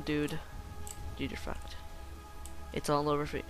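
A woman giving casual gameplay commentary in a playful way, joking with the game creatures and bursting into excited yells. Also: low voice, takes it slowly, gravelly, long pauses, soft background music.

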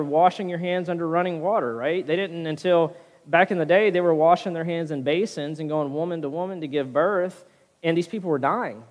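Preaching man in a reverberant hall. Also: on the high side. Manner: preaching with frequent "right?" tag questions. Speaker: pastor. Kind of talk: sermon. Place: church sanctuary.

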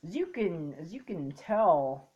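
A woman's voice: fairly low pitch, sing-song, a little slow, a little mellow, slightly rough, highs cut off. A woman playing and commenting on a game in casual let's-play chat, chatty and rambling with playful boasting. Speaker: co-host and player of a gaming channel.

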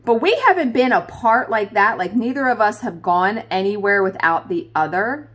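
Speaking at a moderate pace in an animated, medium-pitched voice, a woman hosts a craft video. She chats casually with viewers as she works, rambling, using lots of fillers and laughing.

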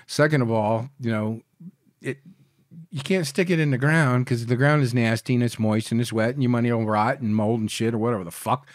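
A man being interviewed as a guest, telling profane, animated stories in a casual chat. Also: mid-range voice, a little fast, dry recording, studio quality.

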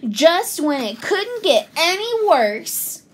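A woman reading a picture book aloud to children, expressive and sing-song. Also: very high-pitched, slow. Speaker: children's story reader.

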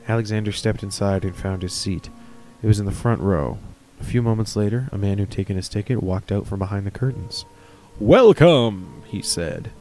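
A man's voice: fairly low pitch, steady tone, brisk, dark tone, soft background music. A man reading a horror story aloud, with casual, chatty asides. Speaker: reader of stories.

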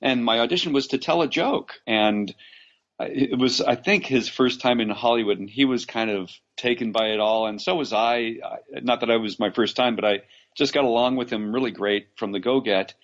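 The recording is muffled, but the man's voice comes across as medium-pitched, a bit bright and moderately paced. He's an actor from Los Angeles, USA, guesting on a podcast and telling long, laugh-filled stories with lots of restarts and fillers.

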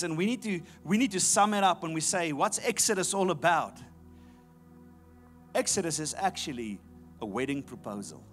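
A man preaches a sermon, driving his points home by repeating them. His voice sits a little high for a man. Faint music plays quietly in the background. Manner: emphatic, repeats key phrases. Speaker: pastor.

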